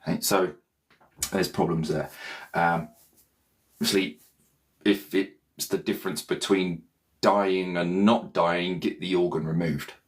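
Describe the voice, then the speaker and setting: A man's voice: low voice, fairly even intonation, takes it slowly, long pauses. A man, a meditation teacher and author, talking casually and loosely to viewers, often checking in with "okay?". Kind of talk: casual rambling talk to viewers.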